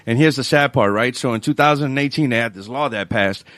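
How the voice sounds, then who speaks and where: Guesting on radio, a New Orleans-accented financial adviser keeps the interview chat lively with animated stories and frequent laughter. He talks briskly at medium pitch, and the studio-quality recording is dry.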